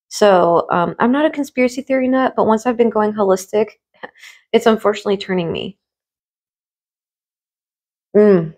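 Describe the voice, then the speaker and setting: Rambling, hushed woman mukbang vlogger. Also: medium pitch, gravelly. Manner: rambling, filler-heavy, sometimes swears; speaks in a hushed tone while eating. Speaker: food vlogger and streamer. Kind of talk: casual mukbang chat.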